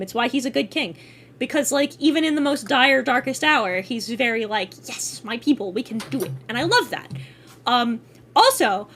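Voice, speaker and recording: A woman streamer gushes in casual chat, high and bright in pitch. Her voice swoops animatedly up and down as she swears and laughs. Her talk stays loose and excited throughout. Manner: gushing, profane, laughs often.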